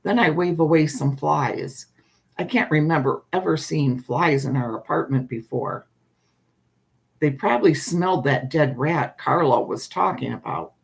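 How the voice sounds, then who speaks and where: A woman reading a short story aloud at bedtime in a calm, unhurried way, then saying good night to her listeners. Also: sits low, creaky.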